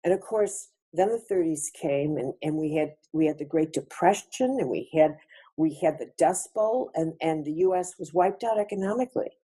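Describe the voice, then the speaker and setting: A woman's voice: low voice, moderate pace, warm tone, breathy edge. A woman giving a spiritual lecture over a webinar, reflective, repeating phrases for emphasis. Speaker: featured speaker.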